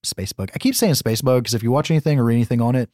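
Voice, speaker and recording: A man co-hosting a podcast, recapping a horror film in a casual, profane, animated way. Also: medium pitch, very fast, dry recording, clean studio sound. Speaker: podcast co-host. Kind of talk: casual chat.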